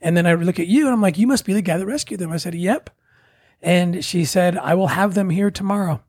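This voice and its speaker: A man with a slightly high, husky voice tells his story in a loose, conversational way. He acts out the other people's lines as he goes. The sound is close and dry. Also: brisk, dry recording. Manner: animated, acts out quoted voices. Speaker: guest telling his story. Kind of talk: casual storytelling.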